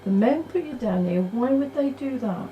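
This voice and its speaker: An English woman on a ghost hunt talks gently to a spirit, coaxing and motherly. Her voice sits at an ordinary pitch. Clear background noise runs under her in the cellar. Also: animated, normal speed, muffled recording. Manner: coaxing, motherly, calls the spirit love and darling. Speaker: ghost hunter. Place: cellar of an old building at night.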